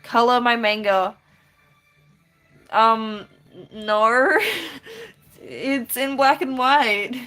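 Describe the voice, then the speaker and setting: A woman's voice: a little high, very slow, pauses often, a bit bright, soft background music. A woman casually chatting on a live stream while she draws, giggling often and answering viewers with lots of restarts. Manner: giggly, chatty, reads chat aloud and answers with many restarts.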